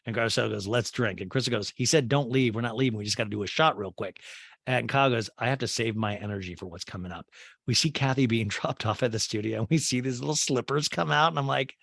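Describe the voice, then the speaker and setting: A man's voice: mid-range voice, fast, vocal fry, a bit bright, no echo, clean studio sound. A man hosting a comedy podcast, recapping a reality show with sarcastic, profane asides and exaggerated mimicked quotes. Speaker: podcast host.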